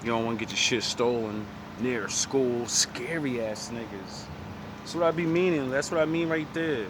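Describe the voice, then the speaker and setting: A man's voice: medium pitch, normal speed, noisy background. A man giving a blunt, profane, rambling opinion monologue outdoors by a street. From United States. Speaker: vlogger.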